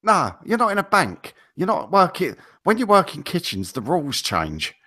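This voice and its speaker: A man's voice: high voice, moderate pace. A man with an English accent, co-hosting a casual talk show and telling long rambling stories. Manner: rambling storytelling, animated. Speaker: co-host. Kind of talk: casual podcast banter.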